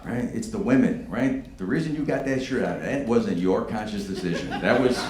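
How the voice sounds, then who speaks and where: A man in his fifties doing a stand-up comedy set, with a profane, animated, punchy delivery. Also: lowish voice, normal speed. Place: comedy venue on stage. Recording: echoey room with background noise.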